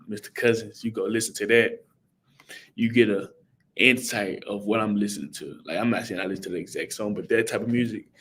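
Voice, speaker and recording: A man's voice: fairly low pitch, slight background noise. Laid-back young man on a livestream. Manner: relaxed, chatty, answers viewers by name. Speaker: livestream host, college football player. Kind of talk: casual livestream chat reading viewer comments.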